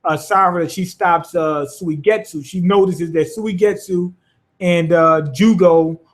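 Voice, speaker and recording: A man's voice: high voice, fairly even intonation, measured pace. A man casually reviewing a manga chapter, rambling and swearing freely, amused by the story. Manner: rambling, profane, loose and amused.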